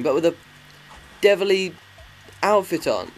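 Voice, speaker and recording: A man's voice: mid-range voice, moderate pace, soft background music. A man giving crude, sarcastic commentary while playing a video game. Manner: crude, sweary, sarcastic ranting. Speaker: let's play commentator.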